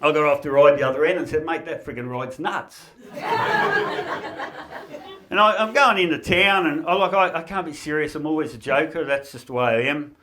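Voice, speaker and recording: A man's voice: on the high side, fast talker, hardly any pauses, crowd noise. An Australian man doing a stand-up comedy routine, reeling off puns and laughing at his own jokes.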